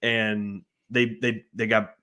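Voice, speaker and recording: A man on a fan podcast making his case about the offensive line in animated, argumentative casual talk. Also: on the low side, slow, clean tone. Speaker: podcast panelist. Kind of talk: casual sports analysis.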